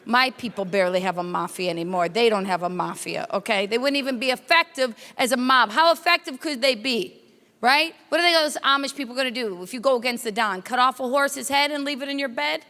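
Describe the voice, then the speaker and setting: A woman's voice: fairly high pitch, bright, forceful tone. A woman doing brash stand-up comedy with crowd work, hosting a corporate welcome night at a hotel conference. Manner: brash, teasing, rapid storytelling. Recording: echoey hall.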